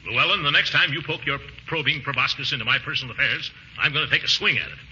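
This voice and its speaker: An actor playing a pompous, easily flustered middle-aged uncle, blustering in 1940s radio comedy style, with sudden high whoops. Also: male voice, quick pace, bright, forceful tone. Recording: scratchy dull 1940s radio broadcast with faint hiss.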